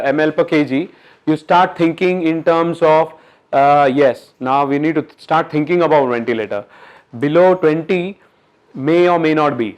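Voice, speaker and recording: A man giving an interactive medical lecture at a workshop, quizzing the audience in a coaxing, brisk way. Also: a little high.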